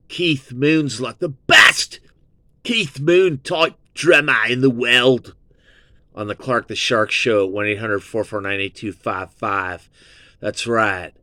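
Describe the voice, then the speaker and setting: A man in his fifties from Southern California hosts his own show, rambling through a profane, filler-heavy music review. He talks slowly, and his voice sits in a middle pitch. The recording is dry, with no room sound. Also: sharp tone, no room sound. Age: 50s. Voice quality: profane, meandering, full of fillers.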